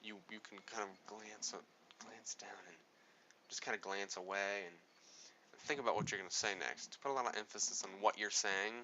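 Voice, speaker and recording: A man's voice: fairly low pitch, steady tone, brisk, sharp tone, slight background noise. A man giving a casual spoken tutorial on speaking, rambling and correcting himself as he goes. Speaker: speaking coach.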